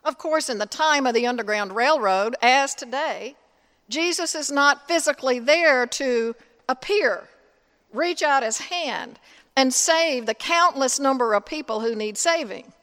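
Woman priest, sermon delivery, deliberate pauses, long church reverb. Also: sits high, a bit bright. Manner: slow, deliberate preaching with dramatic pauses.

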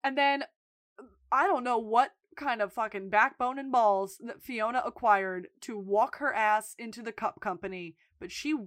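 A woman co-hosting a podcast, casually recapping a TV episode and acting out the characters' lines with animated energy. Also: a little high, moderate pace, no room sound, studio quality. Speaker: podcast co-host.

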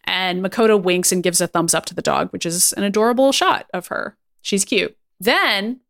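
A woman's voice: medium pitch, expressive, moderate pace, a bit bright. A woman co-hosting a podcast, recapping an anime episode in casual chat with a wry, sarcastic, swearing manner. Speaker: podcast co-host.

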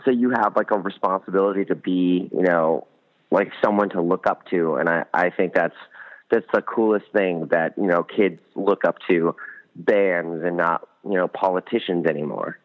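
A man's voice: low-pitched, moderate pace. A young man, a band's musician, chatting casually in an interview, rambling with lots of fillers. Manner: rambling, many fillers, enthusiastic. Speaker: band musician, guest. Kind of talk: casual interview over phone. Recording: tinny phone line.

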